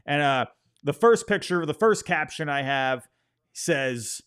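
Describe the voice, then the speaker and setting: A man's voice: on the high side, animated, slow pace, a bit bright, smooth. A man hosting a casual sports opinion show, ranting in an exasperated way, repeating himself and apologizing for getting worked up. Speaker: sports podcast host.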